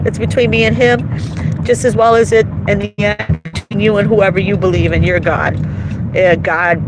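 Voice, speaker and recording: Profane venting woman in a car. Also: medium pitch. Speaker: livestreamer. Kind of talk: rambling livestream monologue. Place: inside a car, driving. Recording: car noise behind. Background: road and car noise.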